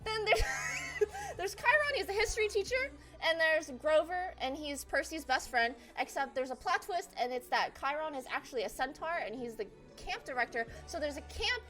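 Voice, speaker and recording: A young woman with a high, bright-pitched voice recaps a story for friends in a loose, comic way. She swears freely, leans on "like" and "blah, blah", and keeps tossing in quick asides. Faint music plays in the background. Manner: rambling, profane, filler-heavy, fast asides. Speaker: presenter. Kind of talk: casual comic slideshow recap.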